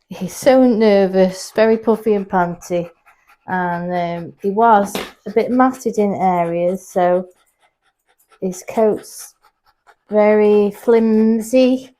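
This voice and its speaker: A woman's voice: slow, pauses often, warm tone. Chatty woman grooming a dog. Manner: chatty, explanatory, talks to the dog in a high coaxing voice. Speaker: pet groomer. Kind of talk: casual vlog narration while grooming. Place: grooming salon, indoors.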